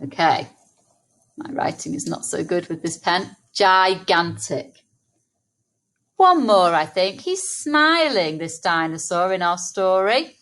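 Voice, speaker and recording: Female teacher, slightly low voice, animated, unhurried phonics delivery for small children. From England. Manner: slow, clear, sounding out words for young children. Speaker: primary school teacher. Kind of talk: early-years phonics lesson.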